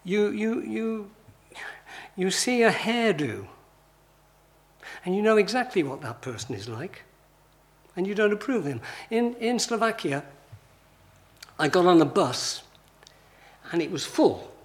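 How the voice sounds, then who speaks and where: A man's voice: high-pitched, sing-song, a little slow, pauses often. A man preaching a sermon in a conversational style, full of rhetorical questions and emphatic lists.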